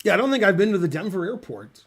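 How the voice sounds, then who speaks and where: Middle-aged male chess commentator, slightly high voice, dry and digressive, casual rambling delivery. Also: very animated, fast, breathy edge.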